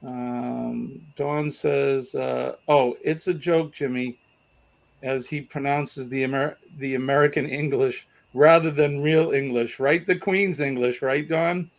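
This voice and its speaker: A man's voice: medium pitch, steady tone, slow, vocal fry. A man with a Boston accent hosting a casual trivia livestream, chatting and reading out viewer comments. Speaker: trivia show host.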